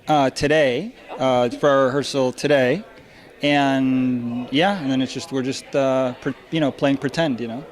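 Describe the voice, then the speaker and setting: A man, a stage actor, chatting in a relaxed interview. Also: medium pitch, measured pace. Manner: chatty, relaxed, uses acted-out quotes. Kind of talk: casual interview.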